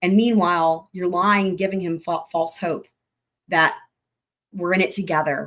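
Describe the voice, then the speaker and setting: A woman's voice: lowish voice, normal speed. A woman hosting a true-crime livestream, her voice still recovering from losing it, talking bluntly and emphatically and swearing freely. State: voice still recovering after a week without it. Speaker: host.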